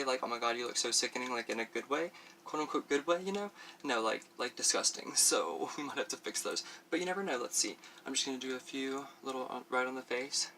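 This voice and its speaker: A man's voice: medium pitch, sharp tone, a little hiss or hum. A man chatting through a casual makeup review for his vlog, rambling with many fillers and frequent laughs while he does his makeup on camera at home. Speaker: beauty vlogger.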